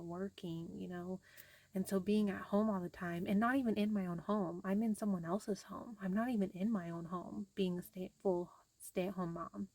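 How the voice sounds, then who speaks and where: Tired young mom rambling to camera. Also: female voice, on the low side, no room sound. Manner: rambling, frequent fillers. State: tired and frustrated. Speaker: vlogger. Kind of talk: casual talk to camera.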